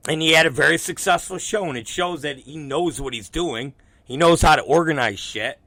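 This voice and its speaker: In a casual, profane monologue on his show, the male host acts out both halves of conversations he's been in. He speaks at a normal speed in a voice on the high side, bright and forceful. The sound carries no room tone.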